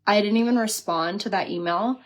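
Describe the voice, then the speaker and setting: A young woman talks straight to her viewers in a casual vlog. She tells a story with lively, mocking asides and puts on voices for the people she quotes. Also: mid-range voice, fairly quick. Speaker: beauty vlogger.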